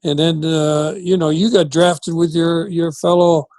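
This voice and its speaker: An older man who once coached football reminisces as an interview guest, his voice on the high side and unhurried, with no echo. He tells his stories with animation, acting out the dialogue he quotes.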